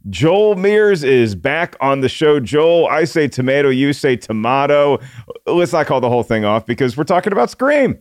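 Male podcast host, upbeat and punny; clean, dry, smooth delivery. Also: on the high side, sing-song, normal speed, few pauses, no echo. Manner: upbeat, playful host patter with puns. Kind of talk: casual podcast chat.

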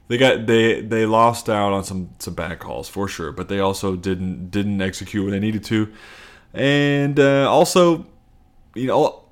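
A man hosting a podcast, chatting casually in a sweary, self-mocking, rambling way. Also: fairly low pitch. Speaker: podcast host.

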